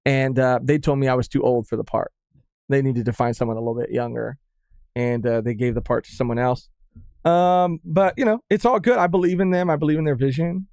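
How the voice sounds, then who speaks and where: A man's voice: medium pitch, fairly quick, darkish tone, no room sound, studio quality. A man co-hosting a casual live podcast, upbeat, laughing often and reading chat comments aloud. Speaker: podcast co-host.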